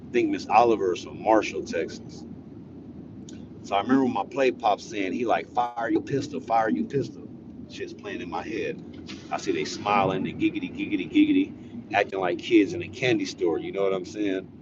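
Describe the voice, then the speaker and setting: Brief: laid-back man from California, slangy and profane, recorded in a car with clear traffic noise. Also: deep voice, fairly even intonation, normal speed, muffled recording. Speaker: storyteller vlogger. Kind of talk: casual storytelling.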